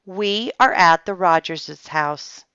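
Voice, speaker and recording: A woman reading aloud as a cheerful, literal-minded housekeeper in a storybook, in a bright sing-song way. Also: lowish voice, slow pace, clean tone, dry recording, highs cut off, heavily acted. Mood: cheery.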